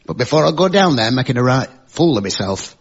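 This is a male stand-up comic telling one-liners and a deadpan story about his son. His voice is mid-pitched. The sound comes through a muffled broadcast recording. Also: brisk, slightly rough. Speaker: comedian. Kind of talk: stand-up routine.

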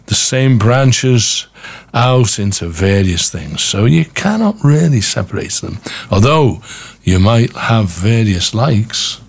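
A man's voice: lowish voice, vocal fry. A man presenting a radio music show, enthusiastic and rambling, talking straight to his listeners.

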